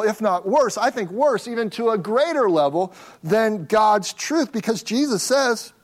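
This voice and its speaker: High-voiced man preaching emphatically. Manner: emphatic, stresses key words slowly. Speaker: pastor. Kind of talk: expository sermon.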